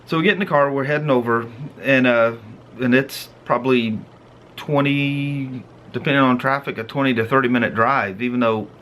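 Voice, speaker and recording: A middle-aged man spins a family story in a relaxed, chatty way. He gets animated and acts out the big moments. A faint hum of noise sits behind him. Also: medium pitch, moderate pace. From Pacific Northwest of the US. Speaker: vlog host. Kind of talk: casual storytelling.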